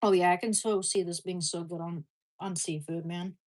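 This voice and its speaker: A woman with a husky, breathy voice chats casually over her food. She keeps turning to talk sweetly to her dogs, apologizing and coaxing them between bites. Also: on the low side, steady tone, moderate pace, a little mellow. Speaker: vlogger. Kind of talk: casual eating vlog.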